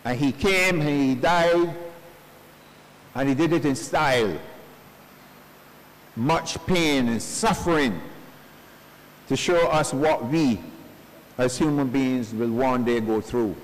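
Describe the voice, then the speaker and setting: Man, pastor, funeral sermon, slow and earnest, homespun anecdotes, long church reverb. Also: mid-range voice.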